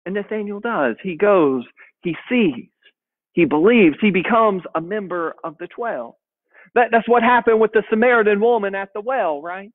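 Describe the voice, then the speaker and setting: A man's voice: high voice, moderate pace, no echo. A man in his thirties, a pastor preaching a folksy, conversational storytelling sermon, often repeating his words as he goes. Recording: tinny phone-like dry sound.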